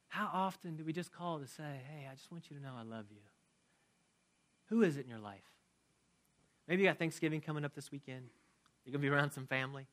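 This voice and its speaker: Conversational pastor preaching, loud to soft. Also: male voice, a little high, brisk, pauses often. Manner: conversational, asks the congregation questions; swings from loud emphasis to soft, quiet prayer. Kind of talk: sermon with closing prayer.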